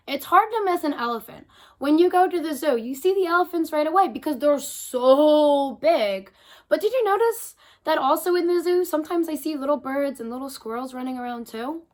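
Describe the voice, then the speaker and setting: A woman reading a picture book aloud to children, animated and expressive, pausing to talk with her young listeners. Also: high-pitched. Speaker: storyteller.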